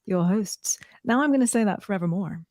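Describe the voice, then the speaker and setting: A woman's voice: medium pitch, lively intonation, fairly quick, darkish tone, no room sound, clean studio sound. A woman co-hosting a casual podcast, bantering in an easygoing, giggly way. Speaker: podcast co-host. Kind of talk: casual chat.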